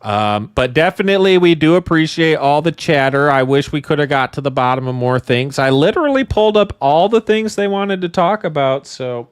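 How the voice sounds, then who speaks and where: A man's voice: fairly high pitch, a little fast, hardly any pauses, clean tone. Rambling, sarcastic male podcast co-host. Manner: rambling, sarcastic, trails off often. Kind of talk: casual podcast chat.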